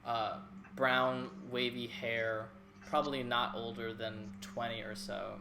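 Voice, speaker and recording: A man narrating a tabletop fantasy game as game master, describing scenes at a relaxed pace with many fillers. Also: medium pitch, slow pace, vocal fry, hardly any pauses, noisy background.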